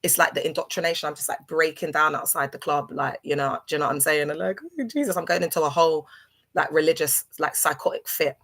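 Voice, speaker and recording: A woman's voice: deep voice, fast talker. Rambling woman telling stories. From London. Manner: animated, rambling, frequent fillers and restarts. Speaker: livestream host. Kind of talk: casual storytelling monologue.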